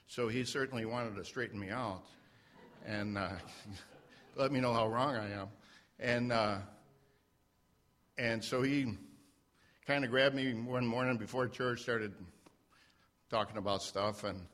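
Halting man sharing a church testimony. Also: medium pitch, a bit bright. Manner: halting, many fillers and restarts, self-deprecating. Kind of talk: unscripted personal testimony. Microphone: standing mic.

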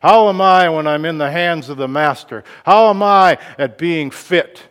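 A man preaching a sermon, moving from quiet reflective lines to loud emphatic outbursts, laughing now and then. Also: on the high side, measured pace, smooth, in a large hall. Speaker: pastor.

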